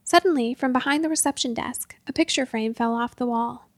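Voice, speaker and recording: A woman narrating a storybook in a lively, expressive way. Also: fairly high pitch, brisk, dry recording.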